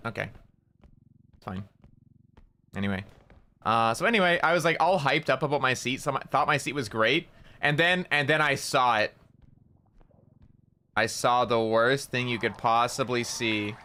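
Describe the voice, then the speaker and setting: A man's voice: medium pitch, normal speed, pauses often, bright, forceful tone. A man streaming a game and telling a rambling story, stumbling over and repeating words and swearing casually. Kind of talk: casual storytelling while gaming.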